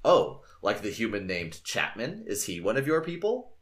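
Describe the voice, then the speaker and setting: Ancient godlike alien, lofty and cryptic; a man reads it in a lowish voice. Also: wildly swooping pitch, moderate pace, a bit bright. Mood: solemn.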